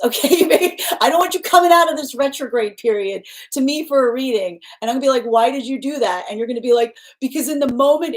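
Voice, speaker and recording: A woman's voice: medium pitch, darkish tone, rough recording. A woman giving a live tarot reading who talks animatedly, laughs often and acts out little quoted exchanges, with plenty of casual fillers and repeated words for emphasis. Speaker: tarot reader.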